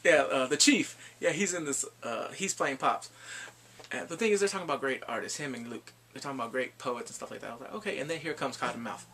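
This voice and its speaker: A man casually reviewing a TV series in slangy, animated chat, laughing often. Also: medium pitch, fast, a little hiss or hum. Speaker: show reviewer.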